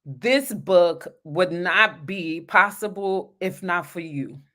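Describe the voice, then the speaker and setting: A woman's voice: fairly low pitch, slow pace, a bit bright. A woman pastor reading a heartfelt dedication from her own book on a livestream, talking directly to her viewers.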